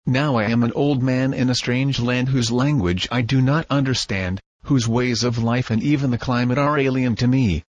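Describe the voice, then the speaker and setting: A man reading the part of a grieving, tender old grandfather in a storybook, husky and solemn. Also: medium pitch, moderate pace, few pauses, no echo, muffled recording, lightly acted. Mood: reflective.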